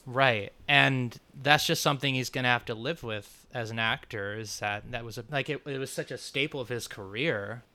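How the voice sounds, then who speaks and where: A man co-hosts a casual movie review podcast, trading wry jokes and laughs. His voice is bright and forceful, with a smooth, crisp clarity. He sounds at ease and chatty. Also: medium pitch, normal speed, hardly any pauses. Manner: wry, laughs often, brief impressions. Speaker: podcast co-host.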